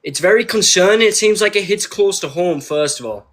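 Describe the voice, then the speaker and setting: A male caller on a video call, sarcastic and taunting, crude in his digs. His voice sits a little higher than most men's. He keeps needling the host. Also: animated, a little fast, fairly bright tone. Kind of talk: mocking debate banter.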